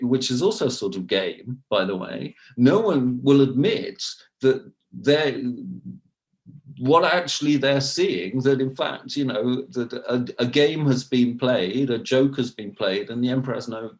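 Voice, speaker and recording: A man, a university researcher, speaking as a podcast guest and telling stories with many asides and restarts. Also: mid-range voice. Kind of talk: casual interview, storytelling.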